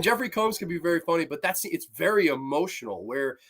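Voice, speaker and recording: Excitable, foul-mouthed man, slightly high voice. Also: fairly quick. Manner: excitable, profane, full of fillers. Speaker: horror movie reviewer and show host. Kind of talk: casual live-streamed movie review.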